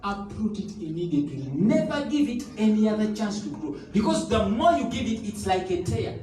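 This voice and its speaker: A man delivers a sermon in a high, sing-song, slightly mellow voice at a brisk pace, stressing and repeating key phrases and at times bursting into tongues or singing. He is far from the microphone, and the room echoes with a little noise underneath.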